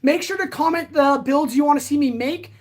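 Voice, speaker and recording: High-voiced winded woman livestreaming. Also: fairly quick, darkish tone. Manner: winded, talking while swinging a sword; chatty, answers viewers directly. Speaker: blacksmith livestream host. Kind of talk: casual livestream chat.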